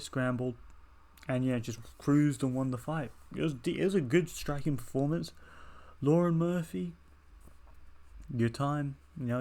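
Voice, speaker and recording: A man's voice: medium pitch, darkish tone. A young man hosting an MMA reaction channel, giving a casual, rambling fight breakdown with heavy swearing.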